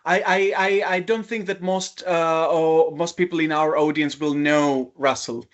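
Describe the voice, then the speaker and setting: Guy interviewing, kinda hesitant, a bit high voiced, dull audio. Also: steady tone, measured pace. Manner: thoughtful, hesitant, restarts while framing questions. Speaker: podcast host, interviewer. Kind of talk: long-form conversational interview.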